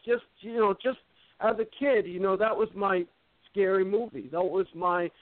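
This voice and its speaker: High-voiced man over a tinny line. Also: fairly even intonation, normal speed, no room sound. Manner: hesitant, many fillers and restarts. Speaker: engineer. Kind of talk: casual radio chat. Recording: tinny phone-like line, dry.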